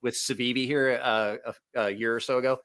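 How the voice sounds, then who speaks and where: A man with a bright, forceful voice hosts a relaxed podcast chat. He tells animated stories and jumps up in pitch whenever he quotes someone. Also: fairly quick, clean tone. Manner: animated storyteller, jumps pitch when quoting people. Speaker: podcast host.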